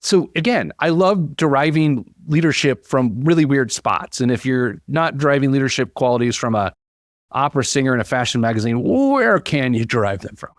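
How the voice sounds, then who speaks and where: A man, a company founder, chatting as a podcast guest in an animated, upbeat storytelling way. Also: medium pitch, moderate pace, dry recording, studio quality. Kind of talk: casual interview conversation.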